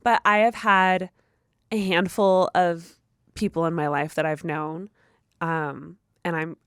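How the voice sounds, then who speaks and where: A woman's voice: on the low side, fairly even intonation, slow pace, fairly bright tone, clean tone, dry recording, clean studio sound. Earnest young woman podcast host. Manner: earnest, storytelling, stops to restate details. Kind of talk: casual chat and reading a listener story aloud.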